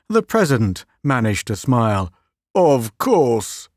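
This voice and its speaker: A man's voice: lively intonation, a little slow, no room sound, clean studio sound. A man narrating a science fiction story, lifting his voice for the characters' lines. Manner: lifts pitch for quoted speech. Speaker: audiobook narrator. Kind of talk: scripted narration.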